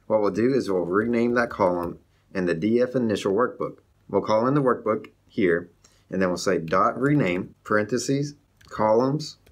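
A young man hosting a coding tutorial, explaining each step of a script in a steady walkthrough over his screen. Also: lowish voice.

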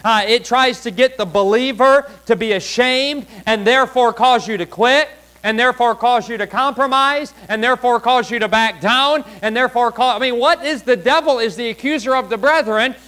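Man, preacher, high voice, emphatic sermon, loud then hushed. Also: moderate pace, rough recording. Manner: emphatic, drops to a hush for asides.

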